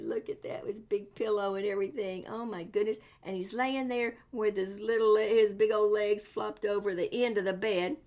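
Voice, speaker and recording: A woman reading a picture book aloud to children in an animated way, exclaiming and asking them questions. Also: medium pitch. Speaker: storyteller.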